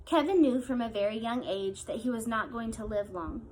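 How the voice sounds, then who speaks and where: A woman reading the lines of a weary, sympathetic middle-aged woman doctor in an audiobook, with a soft, lowered delivery. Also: moderate pace, slight background noise, natural voice, low-quality recording. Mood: gentle.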